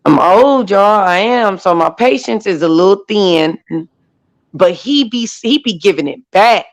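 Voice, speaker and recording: Brief: woman in her 40s, panel chat, lively storyteller who acts out quotes. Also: mid-range voice, unhurried, low-quality recording. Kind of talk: casual group chat.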